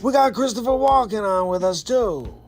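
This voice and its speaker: A man doing a loud, emphatic impression of a gruff older film star in a comedy face-swap clip. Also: high-pitched, animated, normal speed, pitched above the performer's own voice. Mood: worried.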